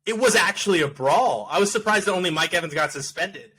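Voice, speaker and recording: A young man with a fairly high, bright voice runs a loose sports talk show. He teases his co-hosts and laughs easily as he chats. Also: lively intonation. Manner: laughing, playful, quick to tease. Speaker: podcast host. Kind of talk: casual sports chat.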